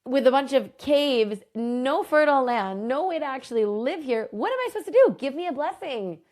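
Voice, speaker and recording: A woman voicing a young bride pleading with her father, a little higher than her usual voice. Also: animated, moderate pace, a little mellow.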